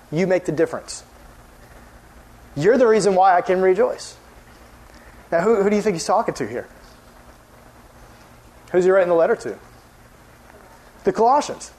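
A young man preaching to a youth group in an earnest way, rising when he stresses a point and dropping low and soft when he appeals. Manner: earnest, rises in pitch when emphatic, drops soft on appeals. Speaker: youth pastor.

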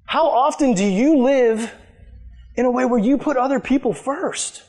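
A man's voice: very high voice, a little slow, a little mellow. A young adult man, a youth pastor, preaching a conversational, emphatic sermon to a youth group.

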